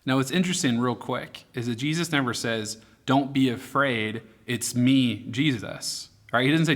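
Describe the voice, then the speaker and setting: A man's voice: mid-range voice, normal speed. Casual man preaching to youth. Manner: casual, animated storytelling with dramatic quotes. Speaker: youth pastor. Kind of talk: youth sermon. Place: online youth ministry broadcast.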